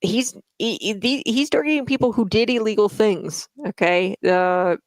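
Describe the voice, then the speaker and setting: A woman's voice: medium pitch, normal speed. A woman delivers opinionated political commentary in an emphatic, mocking tone. She laughs scornfully between points and keeps asking "okay?" to hammer them home. The sound is dry and close to the mic, with no room echo.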